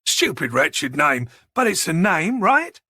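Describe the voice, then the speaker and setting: Man playing a sly taunting killer, slow drawl, bright and gravelly, dry audiobook sound. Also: fairly high pitch, big pitch swings, no room sound, heavily acted. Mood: menacing. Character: soft-spoken menacing middle-aged male killer.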